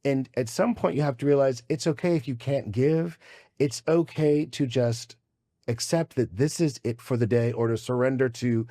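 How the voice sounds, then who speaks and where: A man hosting a podcast, telling stories in an animated, casual way and swearing freely. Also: mid-range voice, moderate pace. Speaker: podcast host.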